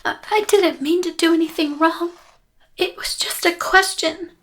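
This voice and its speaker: A woman's voice: extremely high pitch, measured pace, fairly bright tone. A woman voicing a frightened young schoolgirl on the verge of tears, pleading with a stammer. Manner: trembling, stammering pleas.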